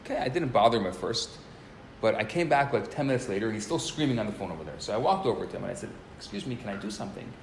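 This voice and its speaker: A man in his forties, a rabbi teaching a live class, telling a story in a lively way and often restarting and repeating words. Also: lowish voice, rapid-fire, gravelly. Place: classroom at a community center. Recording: roomy live recording with faint noise.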